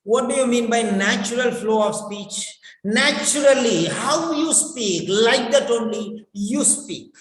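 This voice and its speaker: A spoken English teacher giving a classroom lecture, repeating key phrases slowly and speaking directly to students. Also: medium pitch, lively intonation. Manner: instructive, addresses students directly. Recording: echoey hall with long reverb.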